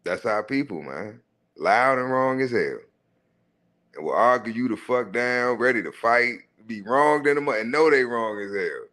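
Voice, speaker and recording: Profane, animated man ranting on a stream. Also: mid-range voice, normal speed, few pauses. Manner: profane, animated, mocking, laughs at own jokes. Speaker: live stream host. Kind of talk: casual commentary monologue.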